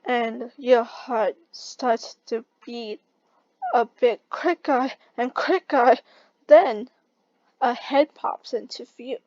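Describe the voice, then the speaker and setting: A woman reading a second-person fan story aloud in a halting way, stumbling and restarting words. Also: a little high, a little mellow, dry recording, dull audio. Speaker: story reader.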